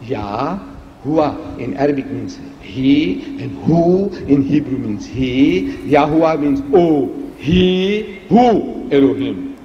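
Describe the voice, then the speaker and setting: A man lectures emphatically, firing rhetorical questions with a lively, teasing edge. His voice sits a little high. The old recording sounds dull and lo-fi, with a long echo from a large hall. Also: takes it slowly, slight background noise. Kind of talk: public lecture played in a reaction video.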